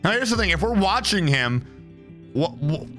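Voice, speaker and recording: A man's voice: sits high, very animated, a little slow, pushed and bright, faint music behind. A man casually commenting on his game as he plays, reading its text aloud with sarcastic, swearing asides. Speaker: streamer playing a strategy game. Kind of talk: casual let's play commentary.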